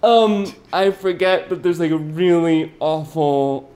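A man co-hosting a casual podcast about old films, talking in an animated, chatty way with lots of fillers. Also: on the high side, slow pace. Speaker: podcast co-host. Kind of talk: casual film discussion. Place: indoor podcast recording.

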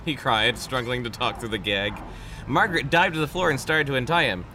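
A man reading a children's horror story aloud in a casual group, animated and quick to react. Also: lowish voice, a little hiss or hum. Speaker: reader in a group read-aloud.

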